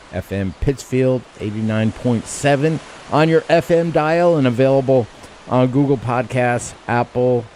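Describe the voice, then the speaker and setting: A man hosting a community radio show, relaxed and a little hesitant, with filler words as he wraps up. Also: mid-range voice, a little hiss or hum. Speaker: radio host.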